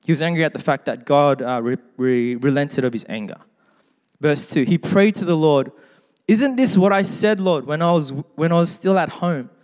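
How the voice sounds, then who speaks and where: Male pastor, slightly high voice, casual preaching with jokes, scripture readings, echoing church hall. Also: moderate pace, a little mellow. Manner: conversational, joking asides; reads scripture aloud. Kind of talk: sermon. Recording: long hall reverb.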